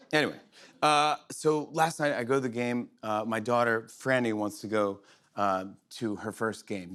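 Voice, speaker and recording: A middle-aged man hosting a late-night show, telling a rambling, excited story full of restarts and fillers. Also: fairly low pitch. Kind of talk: monologue, storytelling chat. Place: TV studio with live audience.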